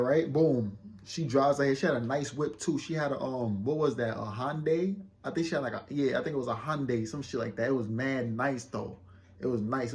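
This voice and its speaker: Speaking at medium pitch, a young vlogger shares a casual storytime with his viewers in a slangy, bragging style. He checks in with the listener often, and his voice turns loud and excited when he replays an argument.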